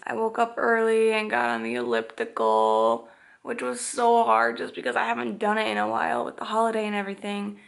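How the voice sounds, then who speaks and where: A woman's voice: a little high, creaky. A young woman from Michigan with a slight Upper Michigan accent, chatting casually to camera at home in a rambling vlog full of "like" fillers. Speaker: vlogger. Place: indoors at home. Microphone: camera mic.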